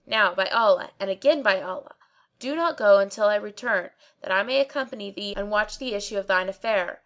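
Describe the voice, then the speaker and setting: A woman's voice: medium pitch, brisk, a bit bright, natural voice. A woman reading aloud voices a meddling, insistent old male barber from a storybook tale. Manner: insistent and scolding.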